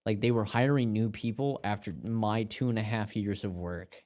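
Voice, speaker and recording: A young man hosting a casual podcast chat, reacting bluntly and loudly with plenty of swearing. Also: on the low side, steady tone, moderate pace.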